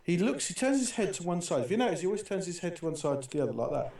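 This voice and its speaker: A man's voice: high voice, very animated, racing, creaky, darkish tone. A man co-hosting a casual talk show over a call, speaking hesitantly with many restarts. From outside the United States. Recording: echoey room, far from the mic.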